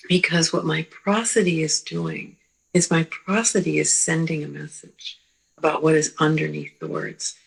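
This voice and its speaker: A woman clinician giving a slow, gentle teaching talk, pausing often and checking in with the listener. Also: low voice, vocal fry, husky, low-quality recording. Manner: slow, gentle, with pauses and repeated "right?".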